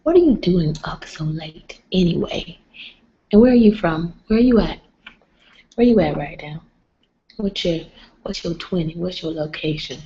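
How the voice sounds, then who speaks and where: A woman chats on a late-night home live stream, unhurried and drawn out, her voice kept down and sometimes slipping toward a whisper. Her tone sits on the low side. The computer mic gives dull, lo-fi stream audio. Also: expressive, warm tone, a little hiss or hum. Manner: keeps her voice down, often near a whisper. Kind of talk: casual live-stream chat with motivational talk. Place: home at night with others asleep. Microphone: computer mic on a live video stream.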